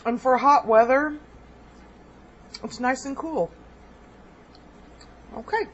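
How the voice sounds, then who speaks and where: A woman's voice: sits high, slow pace. A woman chatting casually through a home cooking demonstration, homey and full of ums. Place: home kitchen. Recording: dull lo-fi home video with faint background hum.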